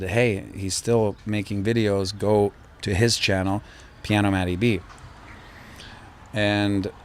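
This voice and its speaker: A man's voice: low voice, a little hiss or hum. A man hosting his own channel, chatting casually and rambling as he answers viewer comments. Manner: relaxed and rambling, with frequent fillers and restarts. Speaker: crypto channel host. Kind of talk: casual live-stream chat reading viewer comments.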